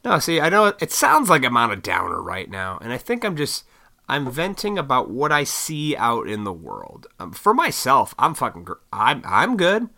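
A man from Illinois ranting in a casual solo monologue, blunt and profane, with mocking high-pitched put-on voices. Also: huge pitch swings, normal speed, gravelly, pushed and bright. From Illinois, USA. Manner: works in restaurants.

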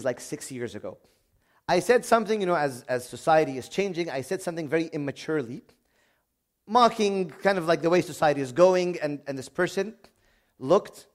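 A middle-aged male priest with a mid-range voice delivers a sermon, earnestly sharing personal stories. He drops to a quiet, confessional tone, then rises to loud emphasis.

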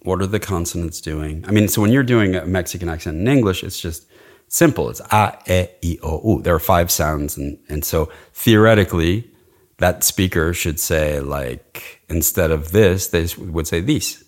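A man's voice: low-pitched, moderate pace. A middle-aged man, an accent coach, chatting casually in an interview, rambling and demonstrating sounds with enthusiasm.

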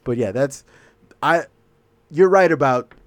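A man's voice: medium pitch, measured pace. A man co-hosting a casual podcast chat, swearing freely and breaking into frequent laughter. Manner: laughs a lot, swears, excitable. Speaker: podcast co-host.

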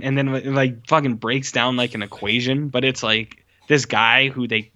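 A man's voice: mid-range voice, fairly even intonation, moderate pace, few pauses, pushed and bright. A man chatting casually on a podcast, rambling with constant "like"s and blunt, cursing opinions. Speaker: podcast co-host reviewing a movie. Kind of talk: casual chat. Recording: dull lo-fi sound.

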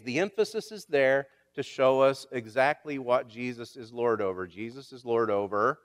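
A man's voice: mid-range voice, moderate pace, hardly any pauses. Man preaching in a reverberant hall. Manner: preaching with rising emphasis and repetition. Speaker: pastor. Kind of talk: sermon.

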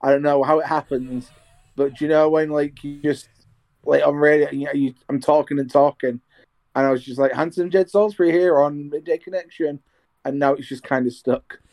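With a mid-range, darkish voice, level tone and normal speed, a young man chats casually over a video call. He rambles with restarts about his radio presenter training from a bedroom that's half decorated.

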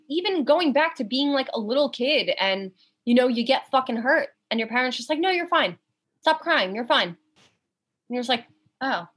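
A woman's voice: high voice, fairly bright tone, slightly rough. A young woman in casual conversation, speaking candidly, swearing often and acting out quoted exchanges. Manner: candid, frequent swearing, acts out quoted dialogue. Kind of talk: casual chat.

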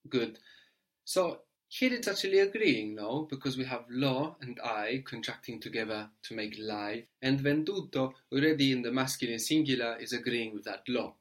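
Speaking at a medium pitch, a male teacher walks through a language lesson step by step. He's patient and keeps checking that he's understood with a brief "no?".

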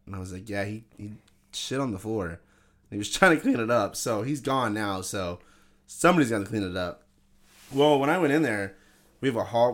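Young man telling profane, laughing stories. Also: on the low side. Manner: animated, swearing, laughing through stories. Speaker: podcast co-host. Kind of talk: casual storytelling chat.

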